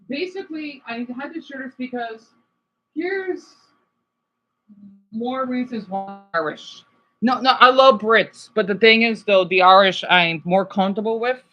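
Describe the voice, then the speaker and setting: A man's voice: high-pitched, bright, forceful tone, muffled recording. A man chatting casually on a livestream from home, rambling between topics and swearing now and then.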